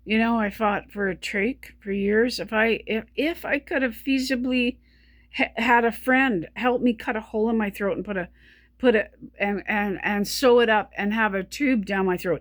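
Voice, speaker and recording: In a personal video diary, a woman with a voice on the high side talks while short of breath, halting and stumbling through many restarts. She sounds weary and subdued, and the recording has no echo.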